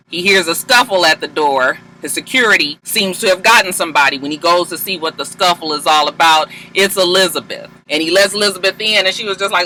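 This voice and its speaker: A man's voice: high-pitched, expressive, fairly quick, hardly any pauses, pushed and bright, a little hiss or hum, low-quality recording. A man recapping a TV episode in casual commentary, slangy and profane, mimicking the characters as he goes. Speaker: TV recap vlogger.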